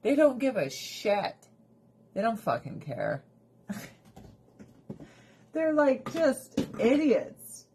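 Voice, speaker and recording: A woman's voice: a little high, sing-song, very slow, pauses often, background noise. A woman ranting bluntly and swearing on a casual livestream while doing her skincare, breaking into laughs between remarks. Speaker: livestream host.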